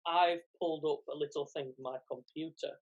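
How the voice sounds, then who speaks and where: A man co-hosting a podcast, calmly steering the talk to the next topic. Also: fairly high pitch, brisk, lo-fi sound. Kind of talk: casual chat.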